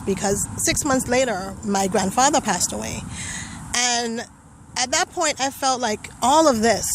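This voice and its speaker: Over some background noise, a young woman shares her testimonial in a voice on the high side. She tells her story vividly, performing the voices and inner thoughts she recalls.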